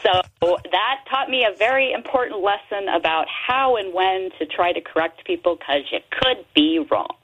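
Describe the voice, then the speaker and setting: A woman's voice: mid-range voice, expressive, normal speed, hardly any pauses, breathy edge. A woman calling in to a radio show, telling a story about herself in a wry, self-deprecating way. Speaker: radio caller. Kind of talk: phone call-in storytelling. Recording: tinny phone line on radio.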